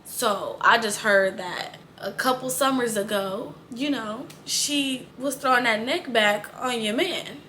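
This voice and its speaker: A woman's voice: on the high side, measured pace, hardly any pauses, sharp tone, slight background noise. A young woman telling a storytime to her viewers in a chatty, blunt way, swearing freely. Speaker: storytime vlogger. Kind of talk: casual storytelling to camera.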